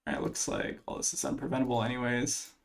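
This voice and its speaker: A man's voice: mid-range voice, animated, fast, creaky. A man commentating his own card game match, thinking aloud as he weighs each play, with plenty of fillers. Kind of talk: casual gameplay commentary.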